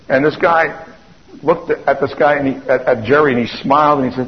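A man's voice: medium pitch, fairly even intonation, fairly quick. Man telling stories in a dull recording. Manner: conversational storytelling with frequent restarts. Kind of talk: anecdotal lecture.

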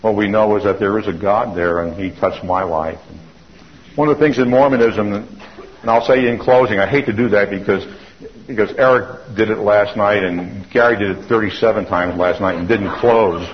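Earnest low-voiced man telling his testimony. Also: moderate pace. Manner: earnest storyteller with frequent restarts and repeats. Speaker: church speaker giving testimony. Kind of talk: testimony sermon storytelling. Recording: dull lo-fi recording.

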